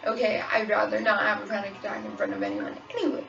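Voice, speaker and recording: A woman's voice: mid-range voice, flat delivery, fast talker, creaky, distant mic. A young woman who works as a waitress, talking candidly in a personal vlog about her own experience. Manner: candid, frank, storytelling. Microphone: phone camera. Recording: dull lo-fi phone recording, voice a bit off-mic, pop song playing behind. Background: pop song playing on repeat.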